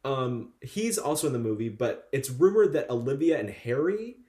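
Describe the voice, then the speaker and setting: A young man co-hosting a chatty podcast, gossiping with animated energy and slipping into little impressions of the people he talks about. His pitch swoops up and down all the time. The room around him sounds echoey. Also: moderate pace. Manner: animated gossiping, acts out quotes. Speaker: podcast co-host. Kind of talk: casual chat.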